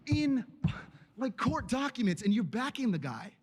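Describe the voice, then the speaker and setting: A debate participant arguing heatedly, with an impassioned, ranting and accusatory delivery. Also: male voice, very high-pitched, big pitch swings, moderate pace, darkish tone, slightly rough.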